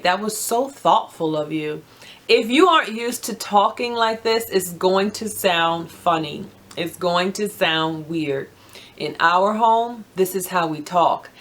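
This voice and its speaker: A woman's voice: lowish voice, fairly bright tone. A middle-aged woman vlogger talking frankly and earnestly to the camera, giving marriage advice with hesitations. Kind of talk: casual advice talk to camera.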